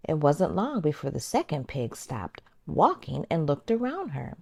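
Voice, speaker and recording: A woman hosting a children's circle time, gently and expressively reading a storybook aloud to toddlers. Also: low-pitched, big pitch swings, unhurried, gravelly, no echo.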